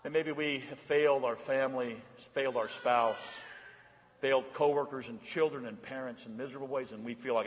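A man preaching a sermon as pastor, swinging from lively and playful to hushed and earnest. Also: medium pitch, a little fast, long reverb tail. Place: church.

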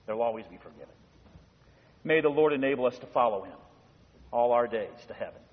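A middle-aged man preaching a sermon as pastor, animated and storytelling, swinging between loud emphasis and quiet, hushed passages. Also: mid-range voice, fairly quick. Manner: animated storytelling, acting out voices in bursts. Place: church sanctuary. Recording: dull sound in a reverberant church.

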